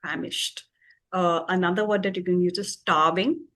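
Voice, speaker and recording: A woman tutor patiently explaining English vocabulary with everyday examples, pausing often with fillers. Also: lowish voice, steady tone, fairly bright tone.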